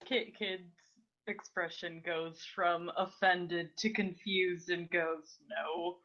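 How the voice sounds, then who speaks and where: A woman's voice: fairly low pitch, steady tone, slow, fairly bright tone, dull audio. A woman playing at a tabletop game, describing her character's reactions. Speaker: player. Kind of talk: tabletop play narration.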